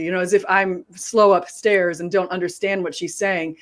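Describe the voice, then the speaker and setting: A woman's voice: fairly low pitch, moderate pace. Chatty woman telling a story. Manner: animated storytelling, quoting others. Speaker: host. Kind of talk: casual chat.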